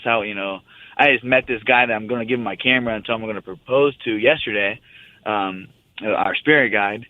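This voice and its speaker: A man's voice: lowish voice, fast talker, no room sound. Young man rambling over a tinny phone. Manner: rambling, laid-back storytelling. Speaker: fighter calling in. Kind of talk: casual phone interview.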